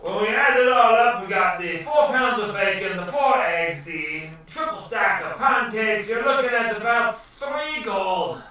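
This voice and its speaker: A game master running a tabletop session, with a lively voice that rises and falls. The tone is bright and folksy, and the jokes come easily. It sounds as if it was picked up from across a reverberant room. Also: mid-range voice, unhurried, few pauses. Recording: echoey room, far from the mic.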